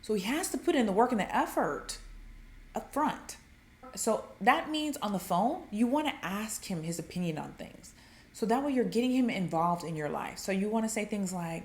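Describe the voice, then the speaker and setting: A woman giving dating advice in a casual, animated monologue. She acts out quotes in a high, excited voice, fills her talk with "like" and laughs at her own points. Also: normal speed, roomy sound.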